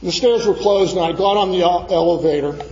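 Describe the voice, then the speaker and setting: Preaching a sermon, a man tells a personal story and acts out the voices of the other people in it. He is high-pitched and talks fast, with a darkish tone, and the sound is dull in a reverberant church hall.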